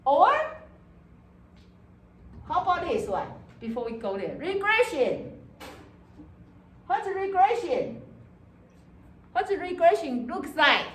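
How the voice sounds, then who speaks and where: Animated woman lecturing in an echoey classroom. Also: high voice, distant mic, slight background noise. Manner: animated, acts out student voices, frequent "okay" and "right". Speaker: psychology lecturer.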